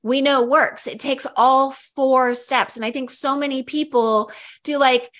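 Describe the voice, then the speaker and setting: A woman's voice: sits high, steady tone, unhurried, a bit bright. A woman co-hosting a casual podcast, talking in a chatty, upbeat way with frequent fillers and restarts. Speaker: podcast co-host.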